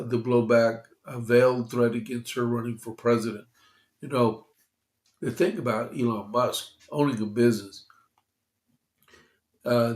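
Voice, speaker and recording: A man hosting a conservative news podcast, talking slowly with many fillers and restarts while congested, reading from opinion pieces. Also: mid-range voice, echoey room. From Texas. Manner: slow, halting, with frequent fillers and restarts. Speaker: podcast host.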